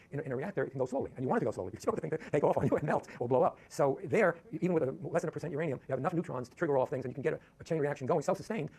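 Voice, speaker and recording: Male physics professor, husky voice, rapid rambling lecture delivery in a hall. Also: fairly high pitch, darkish tone. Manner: rambling, many restarts, chuckles at asides. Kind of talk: university lecture.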